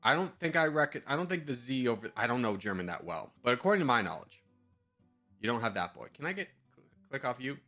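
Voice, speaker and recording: A man streaming live, talking through his guesses out loud in a loose, self-mocking way. His voice is bright and forward, and his pitch jumps around a lot. Soft music plays faintly underneath. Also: sing-song, fast talker. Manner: thinks aloud, chatty, self-mocking. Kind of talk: casual live-stream commentary.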